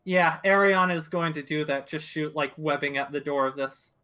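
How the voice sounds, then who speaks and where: A man's voice: on the high side, little pitch movement, normal speed, sharp tone. A man playing a tabletop game, eagerly thinking aloud as he plans his character's moves. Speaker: player. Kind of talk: tabletop game actual play.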